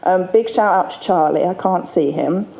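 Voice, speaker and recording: A woman's voice: on the low side, moderate pace, creaky, mellow. Candid woman in an echoey hall. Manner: candid and chatty, laughing often. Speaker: former resident giving a recovery testimony. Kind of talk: personal testimony speech to an audience. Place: event hall with an audience. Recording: echoey hall, faint room ambience.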